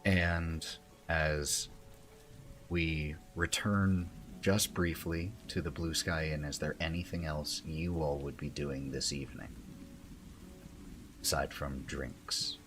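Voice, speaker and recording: A man as game master, narrating a tabletop role-playing scene in a slow, calm, descriptive way. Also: rumbling low, soft background music.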